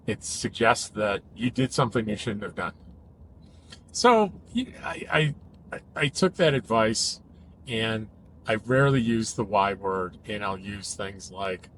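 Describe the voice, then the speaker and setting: A man with a fairly low voice talks casually, explaining ideas the way a therapist would. He speaks in a measured, thoughtful way and lifts his voice for emphasis. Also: animated, fairly bright tone, a little hiss or hum, rough recording. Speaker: cognitive behavioral therapist.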